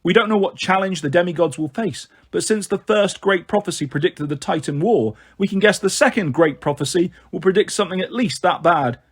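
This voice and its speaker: A man's voice: high-pitched, brisk, hardly any pauses, breathy edge. A man voicing an earnest young woman prophet.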